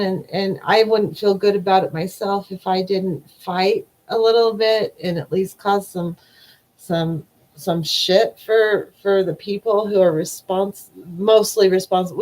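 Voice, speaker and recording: A woman's voice: medium pitch, darkish tone, poor audio. A woman in her forties hosting a casual live stream, reading viewer comments and rambling emotionally, often trailing off. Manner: rambling, emotional, trails off with repeated "I don't know". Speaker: livestream host.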